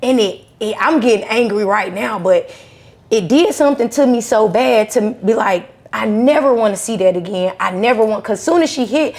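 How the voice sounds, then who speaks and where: Animated woman telling her story. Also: on the high side, moderate pace. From Charlotte, North Carolina. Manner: animated, acts out voices in her stories. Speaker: podcast guest. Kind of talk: conversational storytelling interview.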